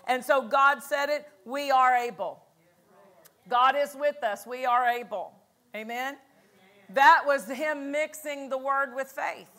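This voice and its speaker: A woman's voice: sits high, takes it slowly, a bit bright. A woman pastor preaching a fervent sermon at a conference, repeating lines and calling out for an amen. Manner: fervent, repetitive, call-and-response. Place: church conference hall.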